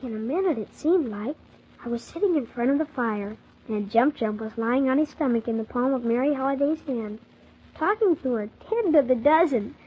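A woman's voice: high-pitched, lively intonation, moderate pace, a little hiss or hum. A woman voicing a polite, earnest young orphan boy who narrates his own story. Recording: dull lo-fi old recording.

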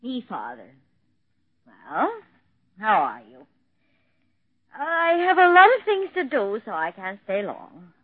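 A fussy, self-absorbed daughter. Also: female voice, on the high side, wildly swooping pitch, takes it slowly, pauses often, no room sound, full character voice. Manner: fussy, complaining. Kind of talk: vintage radio drama acting. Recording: tinny old radio broadcast.

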